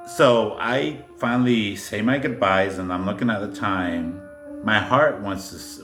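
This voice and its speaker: A man's voice: deep voice, fairly bright tone. A man co-hosting a spiritual talk show, telling his side in a playful, jokey way. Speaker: podcast co-host. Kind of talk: casual spiritual chat. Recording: echoey room, music behind.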